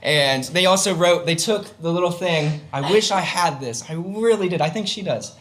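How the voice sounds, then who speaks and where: Fairly high in pitch and fairly bright in tone, a young man's voice moves at a moderate pace as he tells a personal story on stage. His delivery is rambling and filler-heavy, spiced with humor aimed at himself.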